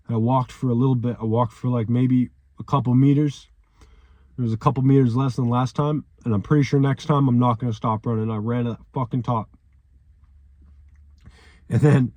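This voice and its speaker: A man's voice: medium pitch, mellow, dry recording. A young man giving an emotional, profanity-laced motivational monologue, often ending sentences with "man", with repeated phrases. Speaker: vlogger.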